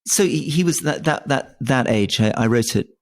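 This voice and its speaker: A man's voice: mid-range voice, moderate pace. A man in his forties from Britain, co-hosting a casual conversation and often stammering and restarting his words. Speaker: podcast co-host.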